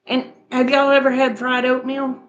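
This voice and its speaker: Chatty woman, higher voice. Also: completely flat delivery, normal speed, dull audio. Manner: homespun, chatty, repeats her instructions. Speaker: vlogger chatting with viewers. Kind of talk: casual chat, recipe instructions.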